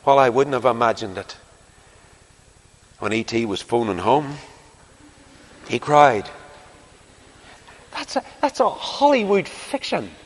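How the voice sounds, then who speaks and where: Male preacher, mid-pitched, very expressive, storytelling sermon; long hall reverb on the voice. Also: slow, long pauses. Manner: animated storytelling, rising to emphatic declarations. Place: large church or hall before a congregation.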